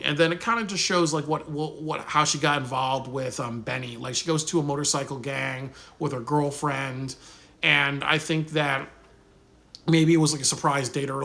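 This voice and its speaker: A man giving a casual spoken movie review, rambling with many pauses and restarts. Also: medium pitch, gravelly, sharp tone.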